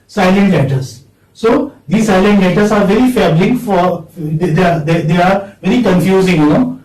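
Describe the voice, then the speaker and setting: A man's voice: high voice, a little mellow. A man with an Indian English accent lecturing a class of students, repeating words and prompting them with questioning hums. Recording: echoey classroom, distant mic.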